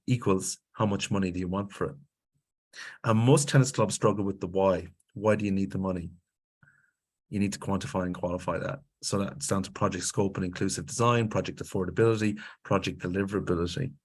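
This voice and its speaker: Irish male presenter, lowish voice, emphatic lecturing webinar delivery. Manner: emphatic, lecturing, with frequent check-ins to the audience. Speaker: grants consultant presenting a webinar. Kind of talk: instructional webinar talk.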